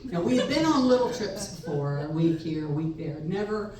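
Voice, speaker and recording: A middle-aged woman telling a personal story live on stage, wry and animated, laughing between lines. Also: on the low side, moderate pace. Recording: echoey room, far mic, faint noise.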